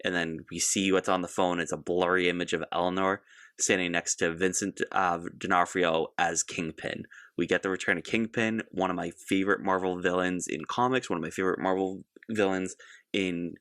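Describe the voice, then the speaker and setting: A man's voice: deep voice, fairly even intonation, normal speed, fairly bright tone, no room sound, clean studio sound. A man co-hosting a podcast, giving an easygoing, loose episode recap with frequent fillers. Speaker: podcast co-host.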